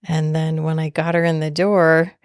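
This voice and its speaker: A woman podcast host telling a personal story in a slow, heartfelt, soft-spoken way. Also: deep voice, level tone, clean tone, no room sound, clean studio sound.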